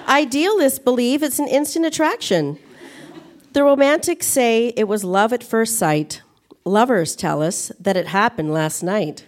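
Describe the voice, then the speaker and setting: Woman, slightly high voice, slow and lilting, reciting an old poem live. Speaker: live reader of her teen poem. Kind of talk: reading an old poem aloud on stage. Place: live show with audience laughter.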